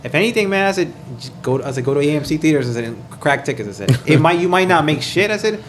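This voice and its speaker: A man telling a story in casual chat, animated and profane, acting out what he and others said. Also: on the high side, very fast, background noise. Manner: animated, profane, acts out quoted dialogue.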